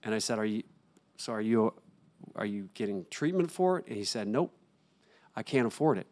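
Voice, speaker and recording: A young adult man, a guest on an interview show, telling a personal story in an earnest, halting way with many restarts. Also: on the low side, lively intonation, darkish tone. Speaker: interview guest, actor and author.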